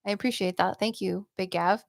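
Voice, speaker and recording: A woman's voice: mid-range voice, fairly even intonation, creaky, no room sound. A woman hosting a casual livestream as a psychic medium, chatting loosely with lots of "like" and "um" and reading out viewer comments. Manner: chatty and loose, heavy use of "like" and "um", quick laughs.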